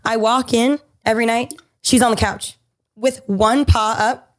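A woman co-hosting a casual podcast chat, playful, laughing often and answering with quick agreeing replies. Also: on the high side, steady tone. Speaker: guest co-host.

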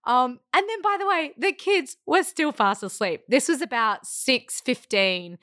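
A woman in her thirties, a podcast guest, telling a personal story in a lively, casual way, acting out sounds and laughing often. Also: high voice, measured pace, dry recording, clean studio sound. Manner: animated, acts out quotes and sounds.

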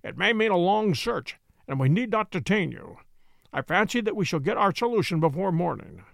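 Male narrator playing a calm, stern detective, gravelly and animated. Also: high-pitched, normal speed, no echo, exaggerated voice. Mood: dry. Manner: cool, stern and dry. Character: calm, assured middle-aged male detective.

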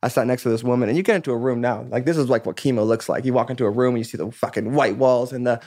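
A man's voice: medium pitch, racing, a little mellow, dry recording, studio quality. A man of about thirty, a musician guest in a casual interview, telling his story candidly and rambling, with plenty of "like" and swearing. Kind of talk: casual podcast interview chat.

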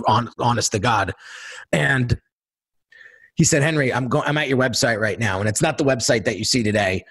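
A middle-aged man telling his life story in a casual interview, animated, acting out quotes and often repeating words. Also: mid-range voice, slightly rough, no echo. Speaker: guest entrepreneur and designer.

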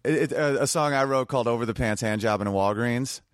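A man who is a comedian guest, telling crude stories in casual podcast chat, lively and breaking into sung bits. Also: medium pitch, fast talker, no echo, clean studio sound. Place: home man cave.

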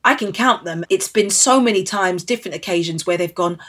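A woman's voice: medium pitch, brisk, fairly bright tone, slightly rough. A woman in her thirties from Britain, speaking as an interview guest, earnest and emotional, repeating phrases for emphasis. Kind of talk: candid interview.

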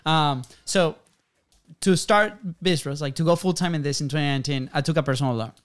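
Man, podcast host, slightly high voice, smooth, casual rambling chat. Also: fairly quick. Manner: rambling storyteller, frequent restarts and "right?".

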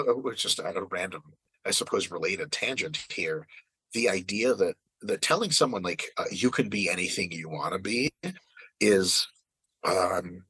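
A man's voice: on the low side, pushed and bright, slightly rough, no echo, rough recording. A man hosting a podcast, talking casually and animatedly, swearing and mimicking other people's voices. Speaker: podcast host.

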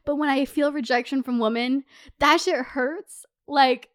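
A young woman with a bright, high voice tells a storytime on her vlog. She talks in an animated way and swears freely, her delivery wavering between laughing and almost crying. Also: a little slow. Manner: animated, profane, swings between laughing and near-tears. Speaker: vlogger.

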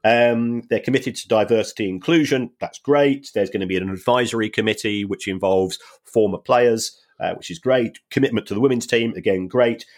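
A male football finance expert co-hosts a podcast in a dry, chatty way. He often stumbles and repeats words as he works through his points, and his voice sits slightly low. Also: normal speed. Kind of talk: casual chat.

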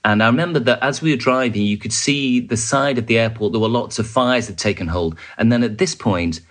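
A journalist recounting a war experience in an interview, vivid and halting, with fillers and restarts. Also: male voice, medium pitch. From United Kingdom. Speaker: journalist guest.

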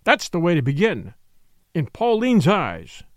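A man voicing a small, earnest older priest who speaks gravely and pleads intensely. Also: high-pitched, wildly swooping pitch, unhurried, dry recording, clean studio sound, heavily acted.

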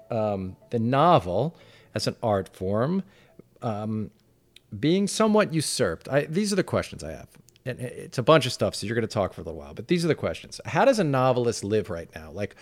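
A middle-aged man hosting a casual talk show, an animated storyteller who stammers and restarts his sentences. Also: medium pitch, normal speed, soft background music. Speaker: podcast host. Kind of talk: casual conversation.

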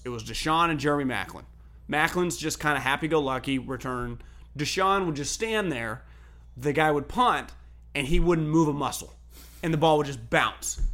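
A man co-hosting a sports talk show, telling stories in an animated, profane way and laughing often. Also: on the high side. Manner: animated storyteller, swears freely, laughs often. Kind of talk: casual sports debate chat.

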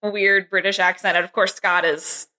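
A woman guesting on a podcast, chatting casually, joking and laughing often. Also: medium pitch. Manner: giggly, animated and quick to joke.

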